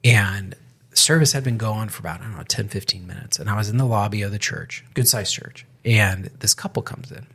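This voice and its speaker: Man, low husky voice, pastor, casual podcast storytelling, halting restarts. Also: sharp tone. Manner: storytelling with many restarts and quoted dialogue. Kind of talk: casual spiritual podcast conversation.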